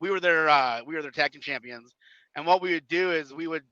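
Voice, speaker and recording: A man telling animated stories in a casual podcast chat, acting out quotes and laughing often. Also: a little high, fairly quick, clean tone, no echo, lo-fi sound. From Chicago area. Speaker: guest wrestler.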